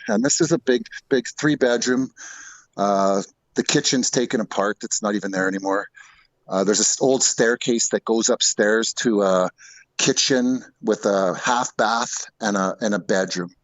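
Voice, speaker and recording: A man's voice: on the low side, dry recording, rough recording. A middle-aged man telling a ghost story in a loose, rambling way, full of restarts and asides. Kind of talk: casual storytelling.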